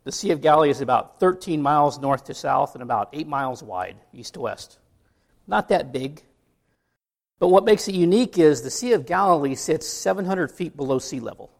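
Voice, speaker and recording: A man's voice: a little high, lively intonation, fairly quick, gravelly. A middle-aged man from the United States preaching a sermon in a conversational way, with asides and rhetorical questions to the congregation. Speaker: pastor.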